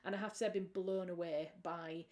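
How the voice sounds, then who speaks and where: A woman's voice: on the low side, steady tone, fairly quick, a little mellow. A British woman, a writer hosting a livestream, chatting casually and rambling with frequent restarts.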